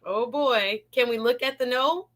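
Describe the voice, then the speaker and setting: Bright, exuberant woman show host. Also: fairly high pitch, unhurried. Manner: exuberant, preachy, laughs often, talks to the chat. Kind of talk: live-stream chat reading viewer comments.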